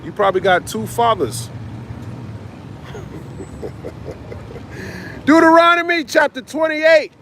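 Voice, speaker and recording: A man's voice: extremely high pitch, big pitch swings, takes it slowly, long pauses, fairly bright tone, a little hiss or hum. A man preaching on a livestream in blunt, slangy street talk, answering his chat and ending his lines with "man". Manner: blunt, slangy, repeats "man" at line ends.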